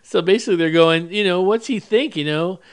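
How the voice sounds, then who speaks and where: A man's voice: high voice, fairly quick, smooth. A man hosting a casual podcast, rambling and laughing through his stories. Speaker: podcast host.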